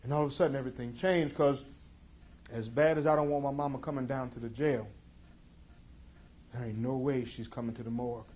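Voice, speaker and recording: A middle-aged man telling a tense personal story in an intense, emphatic way, moving between loud passages and hushed ones. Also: medium pitch, steady tone, brisk, long pauses. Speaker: speaker. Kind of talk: dramatic storytelling talk.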